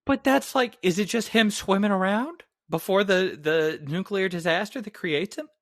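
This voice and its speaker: A man co-hosting a podcast, bantering in casual chat with quick jokes. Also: sits high, dry recording, studio quality. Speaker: podcast co-host.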